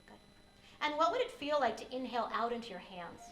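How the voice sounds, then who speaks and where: Gentle woman guiding a yoga class. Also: a little high, sing-song, roomy sound, a little hiss or hum, poor audio. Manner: gentle, unhurried cueing of breath and posture. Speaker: yoga teacher. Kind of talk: guided yoga class instruction.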